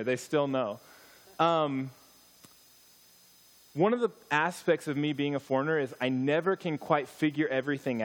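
Male missionary speaker, higher-pitched, playful storyteller for a church audience. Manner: storytelling, joking, animated asides. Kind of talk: church talk with humorous stories.

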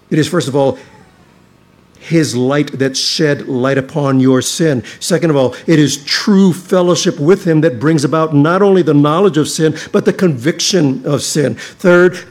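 A man preaching a sermon as a pastor, earnest and emphatic, with frequent restarts and stretches where he drops to a quieter, intense delivery. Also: a little high.

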